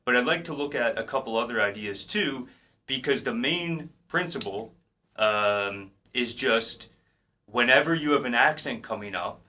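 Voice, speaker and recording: A man giving a casual drum lesson, explaining technique in a relaxed way and counting beats aloud. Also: mid-range voice, moderate pace. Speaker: drum teacher. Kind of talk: casual instructional talk. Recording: drums clearly heard behind the voice. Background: drum playing.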